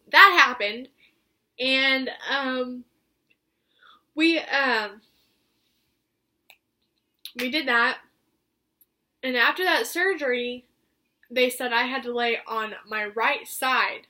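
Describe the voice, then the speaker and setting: Woman vlogger, personal storytelling, high bright voice, chatty with lots of "like". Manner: chatty, heavy use of "like" fillers.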